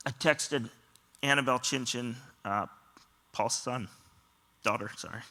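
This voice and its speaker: A man's voice: medium pitch, unhurried, bright, forceful tone. A man pastor giving a sermon, telling stories earnestly and often quoting other people. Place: church auditorium.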